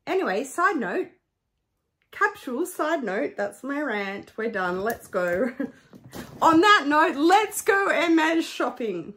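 Woman, middle-aged, vlogger, emphatic, slightly high-pitched. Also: big pitch swings, slow, sharp tone, a little hiss or hum. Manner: emphatic, heated. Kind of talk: candid vlog rant.

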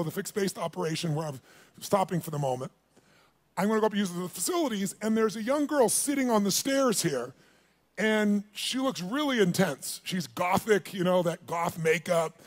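At a motivational seminar, a man with a high voice tells a story at a moderate pace. He is animated, acting out the dialogue and calling on the live audience to respond.

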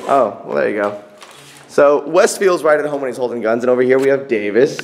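A man's voice: medium pitch, a little fast, a little hiss or hum. A young man hosting a casual behind-the-scenes vlog, joking as he narrates. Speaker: vlogger.

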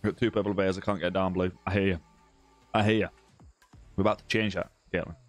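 A southern English man chats his way through a live gaming stream in a home setup, reading out comments and joking with viewers. His low, easygoing voice, heavy on "mate" and "bro," is fast with fairly even intonation, and he restarts lines. Soft music plays underneath.

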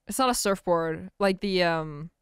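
A woman's voice: on the low side, unhurried, clean tone, no echo. A young woman co-hosting a college radio show, talking casually with a dry, teasing wit. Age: young adult. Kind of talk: casual chat. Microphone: studio microphone.

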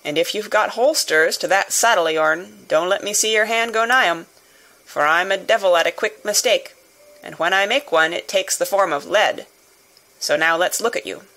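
A woman voicing a gruff, wary male coach guard who growls and shouts commands in an audiobook reading. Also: mid-range voice, moderate pace, low-quality recording. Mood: threatening. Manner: loud, barking commands. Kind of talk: audiobook character voice.

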